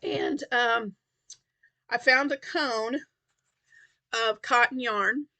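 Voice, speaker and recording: A tired woman chats about her crochet projects, wandering from thought to thought with plenty of ums. Her voice sits a little high and sounds bright and clear. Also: very slow. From Tennessee. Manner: rambling, many fillers and restarts. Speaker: crochet vlogger. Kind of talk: casual chat.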